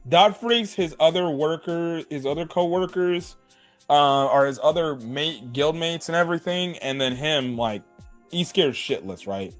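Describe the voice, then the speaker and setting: A man's voice: a little high, expressive, unhurried, faint music behind. A man casually recapping an anime episode in a slangy, rambling way, filling his talk with "like", "bro" and "right". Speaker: anime reviewer.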